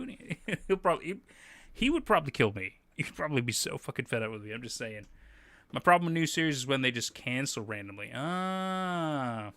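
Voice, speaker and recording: A man's voice: mid-range voice, animated, quick pace, bright, forceful tone, no echo. A man hosting a livestream, chatting casually and animatedly, laughing often and swearing freely. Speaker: livestream host.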